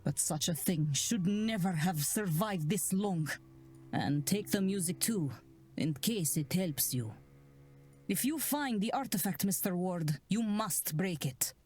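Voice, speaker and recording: An actress playing a solemn woman obsessed by a cursed vase, speaking gravely and hushed in a game. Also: lowish voice, animated, soft background music. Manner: slow, grave, hushed delivery. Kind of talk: game character dialogue.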